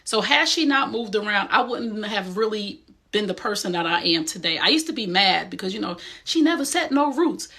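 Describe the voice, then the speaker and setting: Bright-voiced New woman, emphatic. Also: medium pitch, expressive, moderate pace, vocal fry, breathy edge. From Essex County, New Jersey. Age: middle-aged. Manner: direct and emphatic, streetwise. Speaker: host. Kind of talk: motivational talk.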